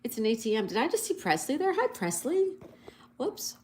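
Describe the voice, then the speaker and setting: A woman's voice: fairly high pitch, sing-song, moderate pace. A woman hosting a casual livestream, reading viewers' comments aloud and greeting them cheerfully while working through a crossword. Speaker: livestream host. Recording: echoey room, faint background noise.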